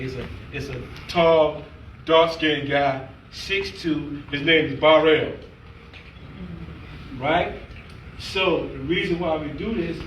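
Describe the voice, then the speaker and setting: Plain-spoken man mentoring a youth group. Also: fairly high pitch. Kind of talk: motivational talk to a group. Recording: echoey room, mic far off, faint noise.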